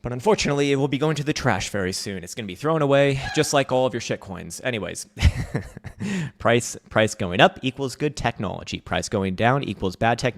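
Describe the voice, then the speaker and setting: A man's voice: mid-range voice, lively intonation, fairly quick. A man hosting a casual livestream market update at home, reading chat with profane jokes and frequent laughs. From United States. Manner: profane, joking, laughs often. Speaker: host.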